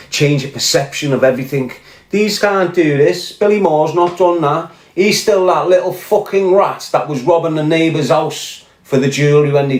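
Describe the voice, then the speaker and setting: Fiery man ranting, roomy echo. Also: fairly high pitch. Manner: blunt, profane, accusing. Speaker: podcast guest. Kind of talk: heated storytelling rant.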